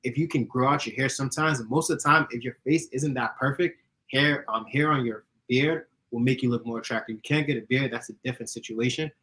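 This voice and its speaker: A young man chatting casually, giving dating advice, who talks fast and giggles and laughs often. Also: medium pitch, a bit bright, rough recording. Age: young adult. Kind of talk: casual chat.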